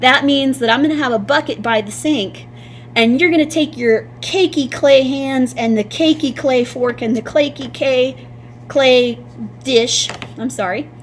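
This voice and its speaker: A woman's voice: high-pitched, unhurried, slight background noise. A woman art teacher giving a patient, sing-song classroom lesson to young children.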